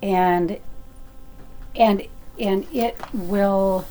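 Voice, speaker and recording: A woman with a warm, mellow voice reads aloud from her prayer journal and shares her revelations. She talks unhurriedly and haltingly, pausing on fillers and correcting herself as she goes. There is a faint hiss of noise behind her voice. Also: mid-range voice, fairly even intonation. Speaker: Christian speaker sharing personal revelations.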